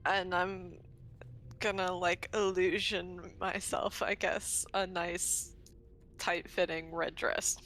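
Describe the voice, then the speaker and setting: A woman's voice: on the low side, level tone, slow, fairly bright tone. A woman taking part as a player in a tabletop game, talking in a playful, hesitant way with many fillers. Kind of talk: tabletop role-play.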